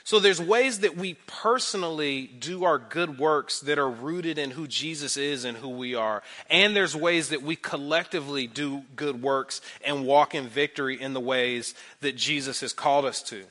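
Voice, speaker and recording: A man in his thirties preaching a conversational sermon, animated, repeating phrases for emphasis and using many fillers. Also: fairly high pitch, normal speed, few pauses. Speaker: pastor.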